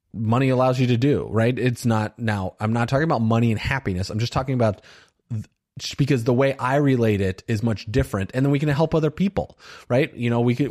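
Speaking alone on his self-reflective podcast, a middle-aged male host rambles earnestly, filling gaps with "you know" and "like." His voice is mid-range and darkish.

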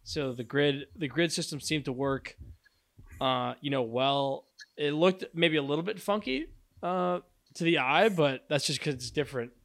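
A man's voice: a little high, normal speed, fairly bright tone. A man co-hosting a podcast, talking casually and rambling with fillers and restarts. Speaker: podcast co-host. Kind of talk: casual chat.

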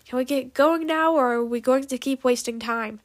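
A woman reading a story aloud, voicing a blunt, sarcastic human survivor with a sharp tongue. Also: sits high, normal speed, lightly acted. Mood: snappish.

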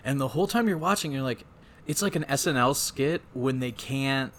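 A man co-hosting a casual movie-talk podcast, mid-pitched, swearing freely and retelling scenes with loose energy. A faint hiss sits under his voice. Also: normal speed. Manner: loose, profane, animated retelling. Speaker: podcast co-host.

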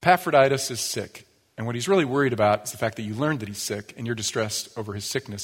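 A pastor giving a sermon, telling stories in a lively, conversational way. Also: male voice, fairly low pitch, breathy edge. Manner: storytelling, animated, acts out quoted voices. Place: church sanctuary. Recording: long church reverb.

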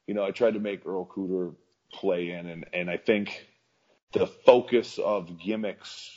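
A man's voice: deep voice, fairly even intonation, unhurried, darkish tone, muffled recording. A man, a professional wrestler, talking in a casual interview in a laid-back, rambling way with lots of fillers and restarts.

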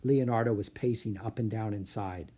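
A reader narrating a children's storybook aloud with an expressive, lively delivery. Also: mid-range voice, normal speed, slightly rough. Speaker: audiobook reader.

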